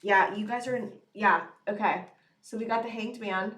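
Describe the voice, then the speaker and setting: A young woman talks through a tarot reading in an earnest, rambling way, leaning on fillers as she speaks to her viewers. Her voice sits a little high, and the room around her is echoey. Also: fairly even intonation, normal speed, fairly bright tone. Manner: earnest, rambling, many fillers like "you know" and "it's like". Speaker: tarot reader. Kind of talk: casual channeled tarot reading to camera.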